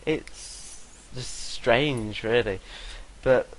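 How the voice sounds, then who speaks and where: A man's voice: mid-range voice, very slow, fairly bright tone, slight background noise, poor audio. A young man telling a rambling story to camera, swearing freely and laughing between sentences. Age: young adult. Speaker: vlogger.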